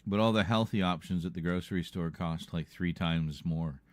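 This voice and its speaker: A man's voice: low voice, moderate pace, no room sound. A man hosting a livestream in loose, rambling casual chat, often breaking into laughter. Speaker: livestream host.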